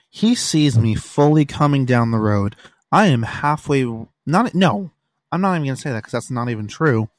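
A man's voice: medium pitch, no echo. A young man hosting a casual solo podcast, telling stories in an exasperated way and swearing freely, recorded in a room at home. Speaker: podcast host.

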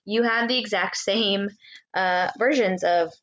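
A woman co-hosting a podcast, explaining things in casual chat with many ums and pauses. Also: mid-range voice, fairly bright tone. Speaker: podcast co-host.

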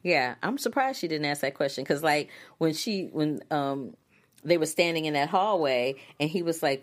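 A woman co-hosting a casual podcast chat about a soap opera, animated and quick to laugh. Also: low voice. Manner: animated, laughing, drawn-out reactions. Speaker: podcast co-host.

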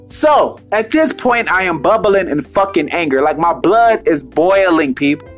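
A man's voice: high-pitched, very animated, moderate pace, faint music behind. A man telling a casual story as an exasperated, profane rant, repeating phrases for emphasis.

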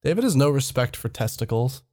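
A man co-hosting a podcast, needling the others with wry jokes and deadpan follow-ups. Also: mid-range voice, a little fast. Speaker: podcast co-host. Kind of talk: casual podcast banter.

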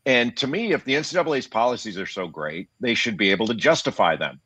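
A man in his fifties from the United States, a basketball analyst talking as an interview guest in a measured, reasoned way with frequent restarts. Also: mid-range voice, expressive, a bit bright, breathy edge, dry recording. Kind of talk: interview conversation. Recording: dull lo-fi dry sound.

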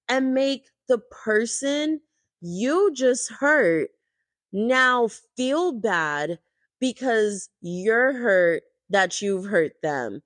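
A young woman casually recapping reality TV and ranting, chatty and animated, peppering her talk with "like" and "babes". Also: on the high side, dry recording. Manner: chatty, heavy use of "like" and "babes", animated retelling. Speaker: reality TV commentator.

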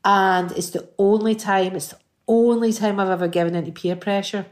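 A woman in her fifties with a Scottish accent, a singer chatting as a guest, telling animated stories full of restarts. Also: medium pitch, moderate pace. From Scotland. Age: 50s. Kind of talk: casual interview chat.

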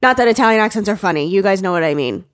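A woman co-hosting a podcast, telling stories in casual chat and acting out the quotes in a higher voice. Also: racing, dry recording, clean studio sound. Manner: animated storytelling, acts out quotes in a high voice. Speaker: podcast co-host.

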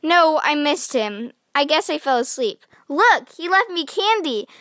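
A woman doing an excitable little girl. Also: high-pitched, a little slow, no room sound, clean studio sound, voice pushed up, heavily acted. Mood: indignant. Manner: exclamatory, whiny.

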